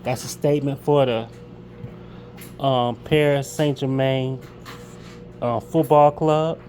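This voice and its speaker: A man of middle pitch chats about his sneaker pickups in a loose, unhurried vlog style. He restarts and repeats words, using casual slang. Steady noise runs clearly under his voice.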